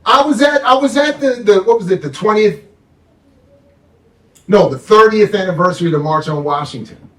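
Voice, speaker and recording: A man with a high voice holds forth on a panel, animated and emphatic. He sounds set back from the microphone. The room around him rings. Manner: animated and emphatic, mocks others in put-on quotes. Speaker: guest speaker, professor. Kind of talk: impassioned panel talk. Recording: echoey room, mic at a distance.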